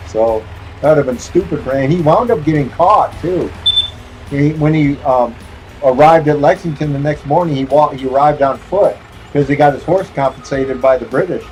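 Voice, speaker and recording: A man's voice: a little high, moderate pace, a little mellow, faint music behind, rough recording. A man streaming a game, chatting casually in a rambling, joking way and chuckling often. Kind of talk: casual chat while gaming.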